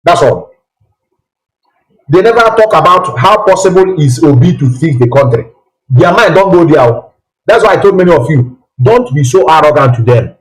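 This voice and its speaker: A man hosts a live call-in show, his voice pitched a little high. He drives his points home by repeating himself and firing rhetorical questions at his listeners. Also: rough recording. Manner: emphatic, repetitive, full of rhetorical questions. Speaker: host of a live call-in broadcast. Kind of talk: political call-in talk.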